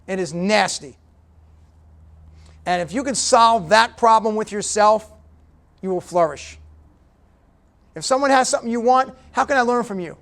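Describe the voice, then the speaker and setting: A man's voice: high voice, moderate pace, pauses often, fairly bright tone. A middle-aged man giving a motivational speech at a business breakfast, direct and punchy, often checking in with the audience. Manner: punchy, direct, talks to the audience with repeated "okay?". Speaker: guest speaker at a business breakfast.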